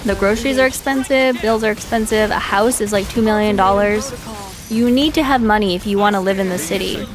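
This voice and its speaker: A woman's voice: mid-range voice, a little fast. Blunt chatty woman streamer, faint music. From Canada. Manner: blunt, chatty, filler-heavy with frequent "like" and "right?". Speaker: VTuber streamer. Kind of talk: casual livestream chat reading viewer comments.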